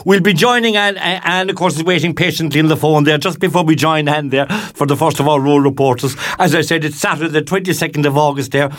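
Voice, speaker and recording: Irish male community radio host, jovial and chatty, voice sits fairly high, studio. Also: fast talker, few pauses. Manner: jovial, chatty, with lively jumps in pitch. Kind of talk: casual chat.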